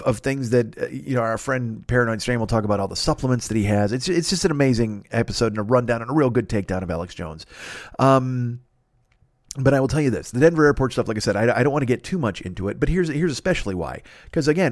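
A male podcast host talks in a loose, profane rant that keeps circling back on itself. His voice sits at an ordinary middle pitch. The sound is dry and close, with no room around it. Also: dry recording. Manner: profane, ranting, rambling with restarts. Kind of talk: casual podcast plug.

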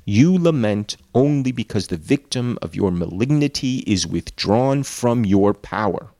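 A stern, indignant accuser read by a man speaks in a measured, deliberate cadence. His voice sits on the low side and sounds dry and close. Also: animated, dark tone, no echo.

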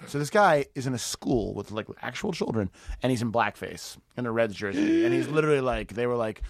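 A comedian guest on a podcast, telling stories in lively casual chat and swearing freely. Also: male voice, medium pitch, a little fast, dry recording, studio quality. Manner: animated storytelling, swears freely.

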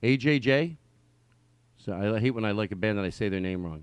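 A middle-aged man hosting a comedic podcast in a studio, rambling and excitable, swinging between yelling and quiet mumbling. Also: lowish voice, fairly quick, smooth, muffled recording. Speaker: podcast host. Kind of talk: loose comedic podcast talk. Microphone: studio mic.

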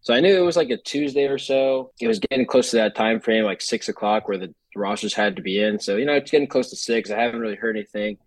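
Young man, guest on a sports talk show, relaxed rambling storyteller, deep-ish voice. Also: quick pace, hardly any pauses, no echo, low-quality recording. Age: young adult. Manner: relaxed storytelling with many fillers. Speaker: guest baseball player. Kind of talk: casual interview chat.

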